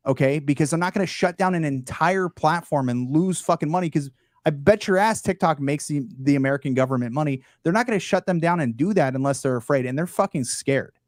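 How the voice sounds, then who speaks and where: A young man of Palestinian heritage, a guest creator, talks in a casual panel chat, animated and profane. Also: a little high, no echo, studio quality.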